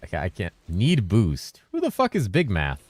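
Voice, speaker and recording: A man streaming games, chatting loosely with his viewers in a deep, bassy voice. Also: huge pitch swings, moderate pace, darkish tone, no echo. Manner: rambling and loose, with bursts of laughter. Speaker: game streamer. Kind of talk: casual livestream chat answering viewers. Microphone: streaming mic through a mixer.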